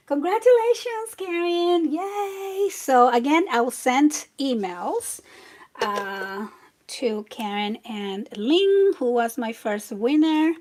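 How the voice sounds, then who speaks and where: A woman hosting a live crafting tutorial, chatty and relaxed, talking to viewers while she works. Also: fairly high pitch, slow pace. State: a bit out of breath. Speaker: craft channel host.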